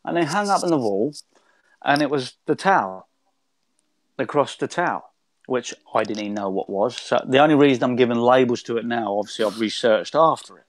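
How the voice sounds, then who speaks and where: A man's voice: mid-range voice, expressive, normal speed, dry recording. A man, a guest telling a long spiritual story in a rambling, conversational way with many restarts.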